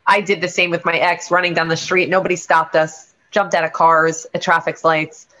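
A woman's voice: lowish voice, little pitch movement, normal speed, fairly bright tone. A woman, a realtor and guest on a show, telling a candid personal story in an earnest, rambling way with frequent restarts. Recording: lo-fi dull sound.

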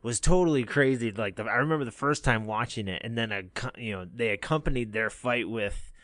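A man's voice: mid-range voice, fairly quick, fairly bright tone, no echo, studio quality. A man chatting casually as a podcast co-host, telling a long story full of fillers, restarts and easy laughs. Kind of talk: casual chat.

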